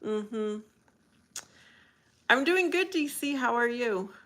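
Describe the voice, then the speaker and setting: A woman's voice: a little high, animated, takes it slowly, pushed and bright. A woman hosting a casual livestream, chatting with viewers, reading their comments aloud and laughing often. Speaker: livestream host.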